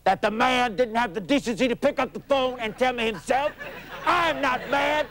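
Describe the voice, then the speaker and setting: A man doing a high booming preacher-politician. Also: moderate pace. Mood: defiant. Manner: rhythmic rhyming oratory, urging the crowd. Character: booming male preacher-politician impression, rhyming and rousing. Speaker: impressionist in a comedy sketch. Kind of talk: TV comedy sketch impression.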